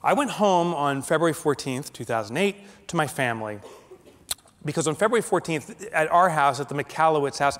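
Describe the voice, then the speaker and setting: A male keynote speaker telling a dramatic personal story to a live audience, swinging from loud and animated to hushed and slow. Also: on the high side, slight background noise. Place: large conference hall. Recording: long hall reverb.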